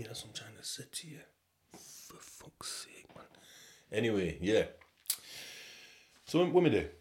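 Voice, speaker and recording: Speaking at medium pitch with a slightly mellow tone, a young podcast host chats casually on his own. He meanders through slangy, swear-laden talk and laughs frequently.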